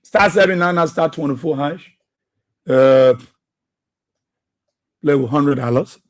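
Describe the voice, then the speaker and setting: A man's voice: a little high, slow pace. A man hosting a political radio talk show, impassioned and repetitive, firing rhetorical questions and laughing often.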